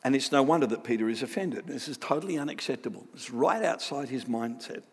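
Animated man giving a Bible lecture. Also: medium pitch, fast, breathy edge, long reverb tail. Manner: animated, with frequent tag questions.

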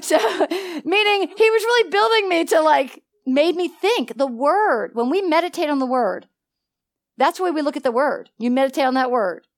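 A woman teaching a church Bible study with animated energy, laughing often and acting out conversations. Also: high voice, moderate pace. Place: church meeting room.

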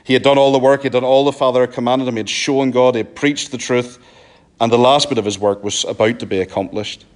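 A man with a Northern Irish accent preaching a sermon, earnest and pleading, often sinking to a soft, low emphasis. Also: fairly even intonation, fast talker. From Northern Ireland.

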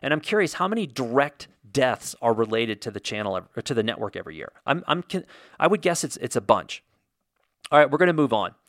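Male podcast host, solo monologue, mid pitch, blunt opinionated ranter, dry close recording. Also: big pitch swings, brisk, a bit bright, no echo. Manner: blunt, opinionated, ranting with mild swearing.

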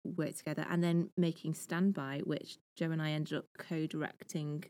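A woman in her thirties with a slightly low voice tells her story in long, eager sentences. The sound is dry and close, with no room around it. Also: little pitch movement, normal speed, a little mellow, no echo. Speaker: theatre director guest. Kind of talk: casual podcast interview. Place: podcast recording setting.

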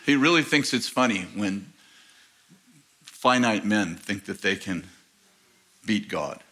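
In a large church auditorium, an American man preaches as pastor, laughing as he tells a story and voicing the people in it. He speaks slowly in a fairly low voice that is animated, bright and forceful.

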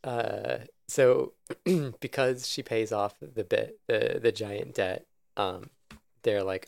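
A man co-hosting a casual podcast chat, quick and joking, laughing often. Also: lowish voice, fairly even intonation, gravelly, a little mellow, no room sound. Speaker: podcast co-host. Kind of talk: casual chat about anime.

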